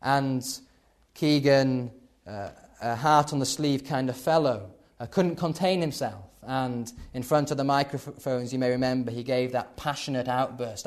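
A man preaching a sermon, building to loud emphatic peaks and then dropping low. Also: moderate pace.

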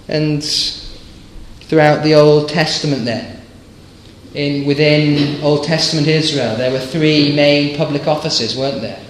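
A man's voice: fairly high pitch, measured pace, echoey room, poor audio. A man preaching a sermon, emphatic and fervent, often asking rhetorical questions of his listeners. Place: church.

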